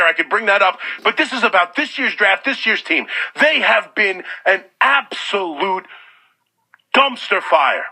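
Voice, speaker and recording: A man hosting sports talk radio, ranting in a loud, sarcastic, exasperated way. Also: extremely high pitch. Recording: radio broadcast.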